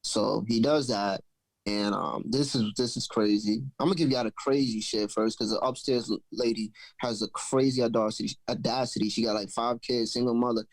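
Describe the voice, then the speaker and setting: A man hosting a podcast, telling a story in a loose, animated, profane way. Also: medium pitch, normal speed, dry recording, poor audio. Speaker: podcast host. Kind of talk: casual storytelling chat.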